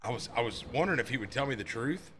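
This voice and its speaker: A man's voice: medium pitch, very fast, a little hiss or hum. A young man, a brash, chatty streamer playing a marshal in a live roleplay. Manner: animated, brash, chatty with viewers.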